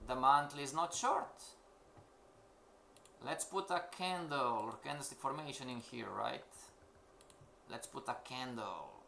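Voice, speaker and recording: A man's voice: mid-range voice, lively intonation, a little slow, gravelly, pauses often, pushed and bright, a little hiss or hum. A man teaching a live-streamed trading class, emphatic and questioning, repeating his points to the students. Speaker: forex trading instructor.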